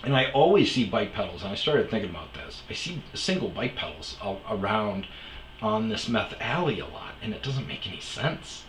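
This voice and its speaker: Host, male, lowish voice, rambling cursing storyteller, roomy sound. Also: very animated, normal speed, fairly bright tone, a little hiss or hum. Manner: profane, rambling anecdotes. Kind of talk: comedic storytelling podcast.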